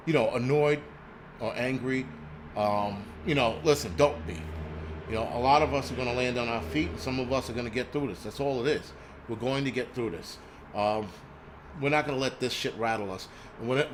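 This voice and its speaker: A man's voice: medium pitch, a little hiss or hum. Angry profane man ranting at home. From New York City. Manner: angry, profane and blunt, with many restarts and stammers. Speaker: host of a prepping live stream. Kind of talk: profane ranting live stream.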